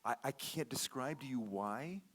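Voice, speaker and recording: With a mid-range, slightly bright voice and a measured pace, a man gives a guest sermon in a church sanctuary. He recounts a personal story conversationally, repeats words, and keeps checking in with "okay?"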